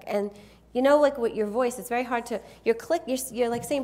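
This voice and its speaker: A woman's voice: on the high side, quick pace, vocal fry, hardly any pauses, darkish tone. A woman presenting a live workshop, teasing and directing volunteers in front of an audience. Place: event room with an audience.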